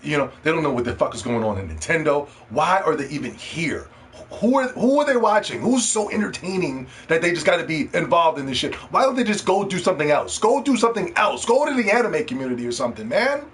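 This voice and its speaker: A man hosting a casual gaming podcast, ranting in an animated, profane way and mocking others in put-on voices. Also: a little high, quick pace. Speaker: podcast host.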